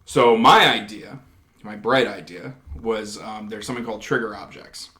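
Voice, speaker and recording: Low-voiced man telling a ghost story. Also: normal speed, sharp tone. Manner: earnest storyteller, frequent restarts. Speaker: paranormal investigator guest. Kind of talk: casual podcast storytelling. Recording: roomy echo.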